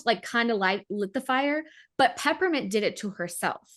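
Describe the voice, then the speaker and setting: A woman's voice: a little high, expressive, normal speed, a bit bright. A woman co-hosting a casual podcast, talking through a reality show with many fillers and emphatic asides. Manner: emphatic, lots of "like", defends players. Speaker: podcast co-host. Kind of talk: casual recap chat.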